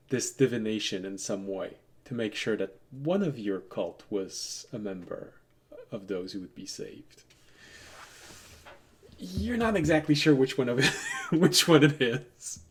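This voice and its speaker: A man running a tabletop game as game master, relaxed and digressive, laughing often as he tells stories. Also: mid-range voice.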